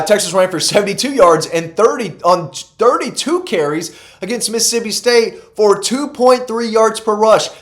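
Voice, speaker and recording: A man giving solo college football analysis, emphatic and casual, repeating key stats for effect and correcting himself as he goes. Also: high-pitched. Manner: self-correcting, casual asides. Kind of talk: solo sports commentary.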